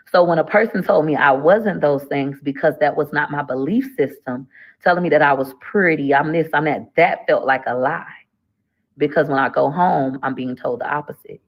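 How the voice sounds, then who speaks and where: A woman's voice: low voice, creaky, lo-fi sound. A middle-aged woman, talking through a casual live-stream monologue in a preachy, emphatic way that repeats phrases. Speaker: livestreamer.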